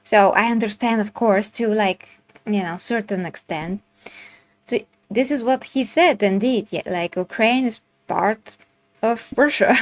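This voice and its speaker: A woman's voice: mid-range voice, dry recording. A woman with a Bulgarian accent, hosting a casual commentary stream and chatting through viewer comments with fillers and restarts. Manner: chatty, with filler words and restarts, laughing asides. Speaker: channel host.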